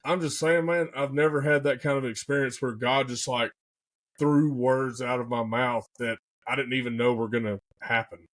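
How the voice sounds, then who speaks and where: A young man, excitedly telling a hunting story in casual podcast chat, full of folksy slang. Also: medium pitch, moderate pace.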